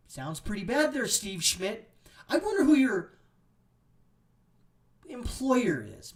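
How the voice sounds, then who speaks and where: A man's voice: sits high, fairly bright tone, recorded from a distance. Brief: male commentary host, sarcastic angry rant, sits back from the mic. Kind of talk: ranting commentary over read-out posts.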